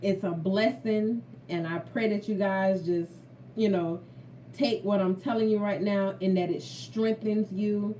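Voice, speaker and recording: A woman's voice: mid-range voice, fairly even intonation, unhurried, warm tone, distant mic, a little hiss or hum. Woman vlogger, earnest faith testimony, repeats for emphasis; recorded a bit away from the mic in a roomy space. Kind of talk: heartfelt faith talk to viewers.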